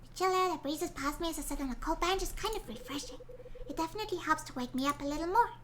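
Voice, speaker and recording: Woman doing a squeaky bright game detective guy narrating his morning, weary. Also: quick pace, a little hiss or hum. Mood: dry. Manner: reads the game's narration aloud in character.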